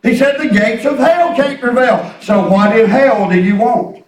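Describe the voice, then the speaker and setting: A man's voice: very high voice, measured pace. A middle-aged man preaching a sermon as pastor, folksy and repetitive, telling everyday stories. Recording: echoey room, distant mic.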